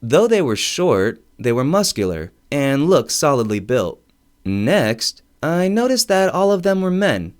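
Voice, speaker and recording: A man narrating a first-person audiobook story in an expressive, wry storytelling manner. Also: fairly high pitch, a little slow.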